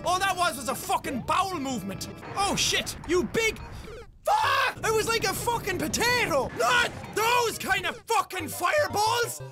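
A man rants at a video game in a voice edited up to a squeaky, very high pitch. His delivery swings wildly up and down as he swears and shouts through the commentary. Music plays clearly underneath. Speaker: gaming commentator. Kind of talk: frustrated gameplay commentary.

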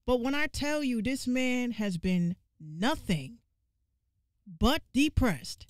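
Animated, swearing woman doing game commentary. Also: fairly high pitch, slow, no echo, studio quality. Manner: animated, profane, exasperated ranting; vernacular, repeats lines for emphasis. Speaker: gaming commentator.

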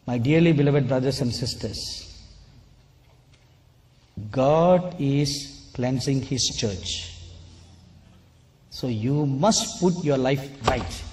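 A man preaching a sermon and telling a personal story, slow and deliberate, at times scolding the audience. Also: medium pitch, a little mellow.

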